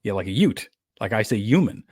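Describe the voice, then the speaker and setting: A man's voice: lowish voice, moderate pace, no echo. A man with a New York accent on a podcast, talking casually and rambling, often restarting his sentences. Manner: rambling, self-correcting storyteller. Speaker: podcast co-host. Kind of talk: casual chat.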